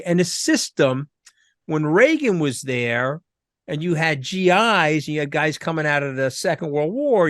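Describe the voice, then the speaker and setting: A middle-aged New man speaks as an interview guest, somewhat high for a man and full of emphatic, rapid-fire energy. His voice sits close and dry, with no room around it. He tells stories in a lively, punchy way. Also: no echo. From Long Island, New York. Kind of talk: conversational interview.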